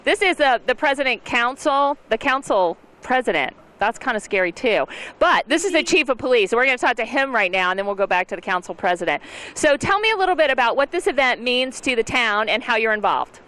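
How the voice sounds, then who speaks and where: Bubbly high-voiced woman host. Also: expressive, brisk, fairly bright tone. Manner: bubbly, exclamatory, joking. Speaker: local TV host interviewing. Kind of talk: upbeat promo interviews. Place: outdoors in a town street.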